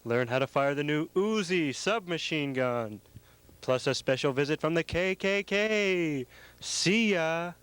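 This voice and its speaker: A man's voice: fairly high pitch, lively intonation, a little slow, fairly bright tone, smooth, no echo. A man doing a cheery kids' TV announcer. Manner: cheery promo delivery.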